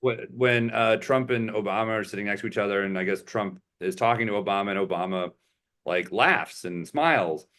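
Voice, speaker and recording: A man's voice: fairly low pitch, fairly quick, fairly bright tone. A man in his thirties, a stand-up comedian guesting on a podcast, telling stories in a rambling, chatty way full of "like". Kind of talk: casual chat.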